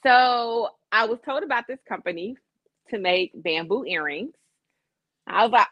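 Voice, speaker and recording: A young woman co-hosting a casual chat, telling a story with lively swearing and acted-out voices. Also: medium pitch, normal speed, dry recording, lo-fi sound. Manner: animated storyteller, swears freely, acts out voices and accents. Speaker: podcast co-host.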